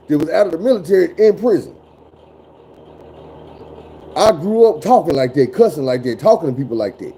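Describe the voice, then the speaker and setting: A man's voice: high voice, animated, brisk, mellow, slight background noise, poor audio. A man in his forties telling stories in casual chat, blunt and full of cursing. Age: 40s. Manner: profane, blunt, drawling storyteller.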